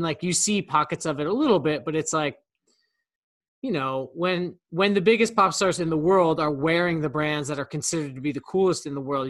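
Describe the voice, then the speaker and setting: A man's voice: on the high side, fairly bright tone. A man co-hosting a podcast in casual chat, rambling with lots of fillers. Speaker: podcast co-host.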